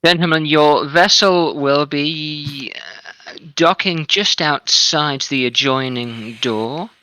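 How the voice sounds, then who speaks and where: A man's voice: fairly high pitch, takes it slowly, bright, forceful tone, smooth, dry recording, voice pushed up, poor audio. A man voicing a harried, short male halfling army quartermaster, blunt and exasperated, swearing as he haggles. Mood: formal.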